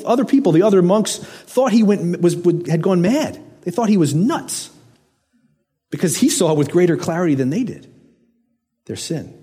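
A middle-aged pastor delivers a sermon with earnest conviction, pushing up for emphasis then sinking to hushed, low phrases. His voice sits a touch high for a man, mellow and a little husky. It rings with the long reverb of a large hall. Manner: earnest, swings between raised emphasis and hushed low lines.

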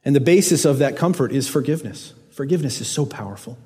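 A man's voice: fast, breathy edge. Earnest man preaching in a reverberant hall. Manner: earnest, swings between raised emphasis and hushed low lines. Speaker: pastor. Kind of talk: sermon.

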